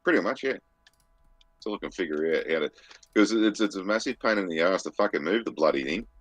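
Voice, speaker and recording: Deep-voiced sweary Australian man. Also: brisk, dry recording. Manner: sweary, animated, mimics other people's voices. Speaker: podcast co-host. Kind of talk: casual profane storytelling.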